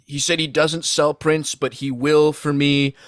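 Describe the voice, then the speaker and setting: A young man co-hosting a podcast, making blunt, deadpan, profane remarks in casual banter. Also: a little high, measured pace, no echo, clean studio sound. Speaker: podcast co-host.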